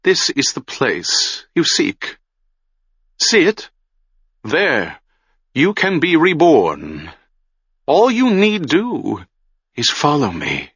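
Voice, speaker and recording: Man doing a sinister blind dead sorcerer, coaxing, luring, bright edge, dry muffled sound. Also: a little high, wildly swooping pitch, very slow, long pauses, slightly rough, no echo, voice pushed up, heavily acted.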